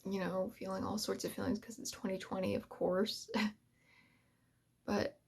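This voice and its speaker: A woman's voice: mid-range voice, level tone, a little slow, creaky, breathy edge. A woman hosting an ASMR channel gives an earnest, emotional talk to creators and drifts in and out of a whisper. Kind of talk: soft-spoken heartfelt talk to creators.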